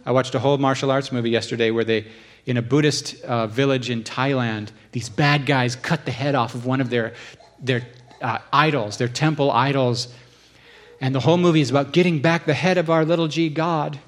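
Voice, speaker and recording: A podcast host with a medium-pitched voice leads a casual but earnest chat. He tells stories animatedly, slipping into quick acted asides.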